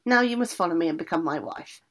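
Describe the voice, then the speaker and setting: An earnest young prince from a storybook, read by a woman, speaking with a determined, pleading tone. The voice is a touch higher than the reader's own, with a husky edge. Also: expressive, fast talker.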